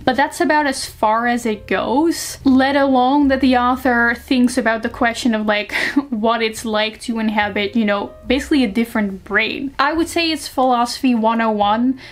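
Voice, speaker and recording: A woman's voice: fairly high pitch, moderate pace. A young woman talking casually and frankly into the camera, reviewing books in a chatty way full of fillers. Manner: chatty, frank, lots of fillers like "like" and "you know". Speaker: book reviewer. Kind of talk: casual book review vlog.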